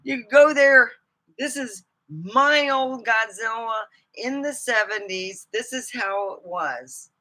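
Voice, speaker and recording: Slow, bright-voiced chatty woman vlogger. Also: a little high, low-quality recording. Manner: rambling, chatty, laughs often. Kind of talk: casual chat.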